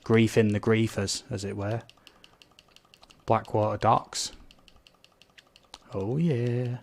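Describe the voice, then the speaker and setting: A man's voice: fairly low pitch, little pitch movement, slow, vocal fry. Chatty man streaming a game. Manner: chatty, reads out viewer comments, blurts game sound effects. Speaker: gaming live streamer. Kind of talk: casual live-stream gameplay commentary.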